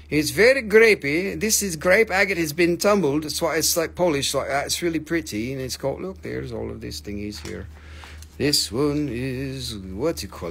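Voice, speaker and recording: Male host of a live rock sale; rambling, jokey and profane, slightly high-pitched. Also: fairly bright tone, breathy edge. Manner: forgetful, filler-heavy. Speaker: host selling rocks on a live stream. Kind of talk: casual live sales chat.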